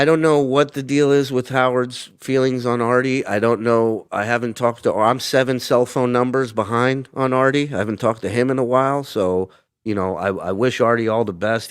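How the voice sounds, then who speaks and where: A lower-pitched man talks in a loose, profane way, leaning into the punchlines of his stories. He guests on a casual interview show as a comedian and keeps jumping into quick voices for the people in them. The sound is dry and close. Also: clean tone, no echo.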